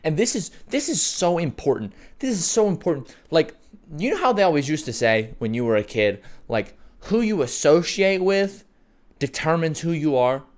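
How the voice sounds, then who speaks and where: Excitable joking male preacher, fairly high voice. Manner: excitable, joking, repeats phrases for emphasis. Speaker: pastor. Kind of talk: sermon.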